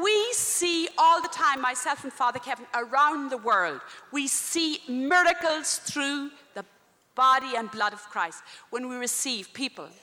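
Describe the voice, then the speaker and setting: A woman's voice: high voice, in a large hall. A Catholic religious sister preaching and telling faith stories, acting out the people she quotes. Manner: animated storytelling, acts out the people she quotes.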